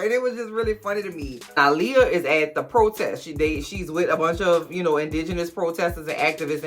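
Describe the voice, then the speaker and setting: A woman's voice: sits low, a bit bright. A woman host casually recapping a TV episode, chatty and slangy, talking straight to her viewers while a little tipsy. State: tipsy from drinking.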